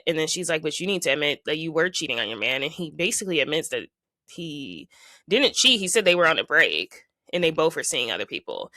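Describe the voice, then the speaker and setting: Chatty low-voiced woman recapping reality TV. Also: sharp tone, dry recording. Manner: chatty gossip, frequent "like" and quoted asides. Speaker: podcast host.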